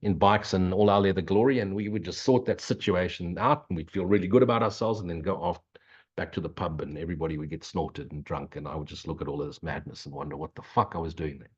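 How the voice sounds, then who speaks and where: An older man, a spiritual teacher, gives an earnest, preachy talk, answering questions in a spiritual Q&A monologue and throwing in blunt swearing. His voice sits low, moves quickly, and has a slightly rough edge. The recording is dull and lo-fi.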